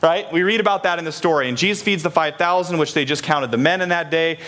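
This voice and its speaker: A man's voice: fairly high pitch, fast talker, fairly bright tone. A man preaching a chatty sermon to a church congregation, often asking them questions. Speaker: pastor. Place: church in Des Moines, Iowa.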